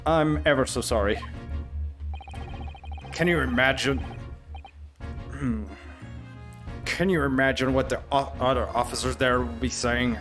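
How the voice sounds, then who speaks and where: A man's voice: medium pitch, fairly even intonation, a little slow, pauses often, music in the background, lightly acted. A man voicing a brusque, condescending English police inspector who blusters and sneers. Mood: scornful.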